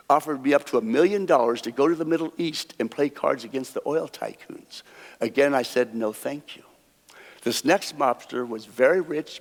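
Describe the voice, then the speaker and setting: A man performing card magic on a theater stage, telling folksy anecdotes and chuckling at his own punchlines. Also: mid-range voice. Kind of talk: live stage storytelling with card tricks. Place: theater stage before an audience. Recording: long hall reverb from a stage.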